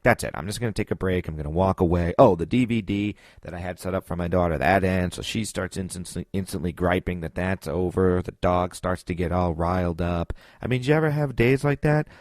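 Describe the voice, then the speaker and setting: Low-voiced man rambling through a story. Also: a little mellow, dry recording, clean studio sound. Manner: rambling, self-deprecating storytelling. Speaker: podcast co-host. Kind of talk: casual monologue.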